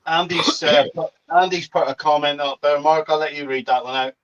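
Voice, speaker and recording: A man co-hosts a casual livestream and mostly answers with short, agreeable remarks. His voice comes through a slightly dull, lo-fi line. His pitch is a little above average. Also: steady tone, a little fast, a bit bright. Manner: brief, agreeable interjections.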